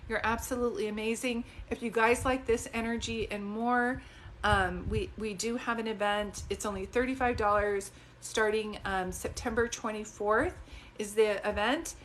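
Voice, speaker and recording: A woman psychic talks casually to her live-stream viewers in a chatty, digressive and animated way, into a phone. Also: a little high, moderate pace, a little hiss or hum. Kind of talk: casual livestream talk to viewers.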